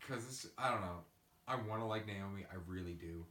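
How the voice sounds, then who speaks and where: Male podcast host, deep-ish voice, profane ranter, roomy off-mic sound. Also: brisk, recorded from a distance. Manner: ranting, profane, animated storytelling. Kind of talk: casual podcast chat. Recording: echoey room, away from the mic.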